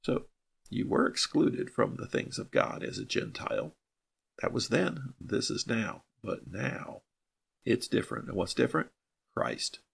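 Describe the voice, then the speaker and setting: A man leads a verse-by-verse Bible teaching, his voice heavy with gravel and a husky edge. He reads the scripture slowly and deliberately, then unpacks it in everyday explanation. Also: mid-range voice. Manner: slows down to read scripture quotes, then explains plainly.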